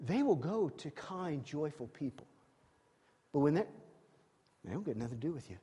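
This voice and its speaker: High-voiced husky preacher man in a hall. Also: big pitch swings, moderate pace. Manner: emphatic, swings from loud exclamations to quiet asides. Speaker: pastor. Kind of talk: sermon. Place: church sanctuary. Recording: long reverb of a large hall.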